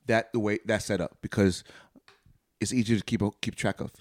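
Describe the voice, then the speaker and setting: A man co-hosting a casual podcast, a bit sick with a sore throat, answering in a contrary, deadpan way. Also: lowish voice, moderate pace, no room sound. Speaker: podcast co-host. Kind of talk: casual chat.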